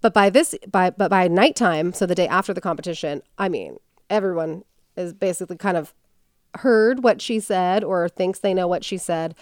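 A woman's voice: on the low side, moderate pace, no echo, clean studio sound. A woman hosting a podcast, telling a story in casual chat and acting out quotes in character voices.

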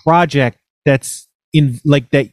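A man's voice: on the high side, slow pace, no echo, clean studio sound. A man in his thirties co-hosting a casual podcast chat over a video call, rambling with many hesitations and fillers. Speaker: podcast co-host.

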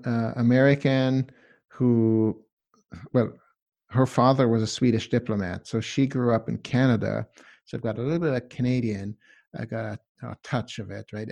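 A man's voice: mid-range voice, moderate pace, warm tone. Man with a hard-to-place mixed accent. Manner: conversational, says "right?" often. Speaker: guest. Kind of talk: casual podcast chat. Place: home office.

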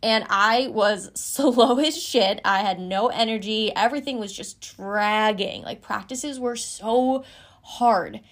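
A woman's voice: a little high, takes it slowly, a bit bright. A woman in her twenties frankly telling a personal story as a podcast host, casual and swearing freely.

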